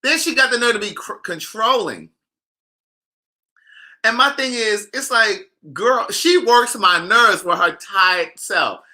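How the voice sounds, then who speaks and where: Sassy man with a very bright voice. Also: high-pitched, takes it slowly. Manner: animated, sassy, talks straight to viewers. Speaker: author hosting a live chat. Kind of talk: casual gossip chat reading viewer comments.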